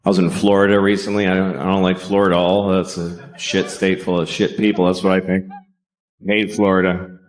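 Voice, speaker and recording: A man's voice: low-pitched, little pitch movement, a little fast. A man doing a stand-up comedy routine, profane and sardonic, with rambling rants.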